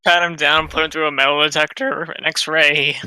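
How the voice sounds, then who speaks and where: A man's voice: on the high side, flat delivery, moderate pace, sharp tone, clear, resonant tone, low-quality recording. A man playing in a tabletop game, speaking casually and thinking aloud with some hesitation. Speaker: player.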